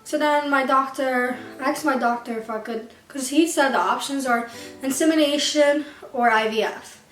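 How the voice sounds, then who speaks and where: A woman's voice: sits high, moderate pace, fairly bright tone. A young woman vlogger candidly telling a personal story to camera, emotional and tearful at times. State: crying at times. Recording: echoey room, far from mic, faint music.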